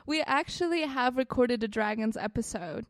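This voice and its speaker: A woman's voice: fairly high pitch, moderate pace, no room sound. A woman co-hosting a comedy podcast, chatting playfully in a put-on British accent and poking fun at herself. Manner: playful, giggly, self-mocking. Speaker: podcast co-host. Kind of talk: casual comedy podcast chat. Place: home setup, apart from co-host.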